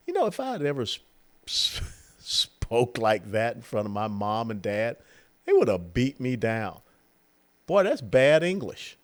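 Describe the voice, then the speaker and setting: An older man in his sixties delivers a solo political commentary. His pitch swings widely as he talks, rising and dropping for emphasis. He sounds mocking and keeps breaking into short impressions of the people he criticizes. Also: measured pace. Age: 60s. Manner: animated, mocking, mimics others in quotes.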